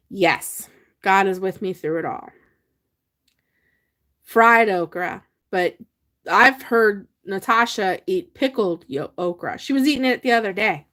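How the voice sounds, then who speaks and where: A woman's voice: medium pitch, a bit bright. A chatty woman hosts a casual livestream. She talks easily with her viewers, reads their comments aloud and laughs often as she goes. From Pennsylvania. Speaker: livestream host.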